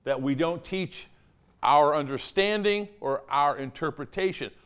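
Animated, high-voiced male preacher. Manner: animated, emphatic preaching with acted-out quotes. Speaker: pastor. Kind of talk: sermon.

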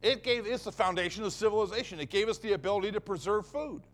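A man's voice: high voice, fast. A man preaching a sermon as pastor of his church, emphatic and fond of repeating phrases for effect.

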